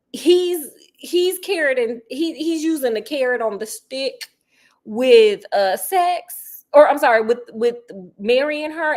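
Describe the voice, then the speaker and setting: Casual cooking vlogger: woman, bit high-pitched, sassy running commentary. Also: a little mellow. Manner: sassy, chatty, full of asides like honey and girl. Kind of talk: casual chat while cooking.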